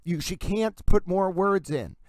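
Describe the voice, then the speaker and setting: A man from Massachusetts with a Massachusetts accent, hosting a livestream of courtroom commentary and pressing his points emphatically to "ladies and gentlemen". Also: high-pitched, measured pace, no room sound. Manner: emphatic, insistent, repeatedly addresses "ladies and gentlemen". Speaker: livestream host.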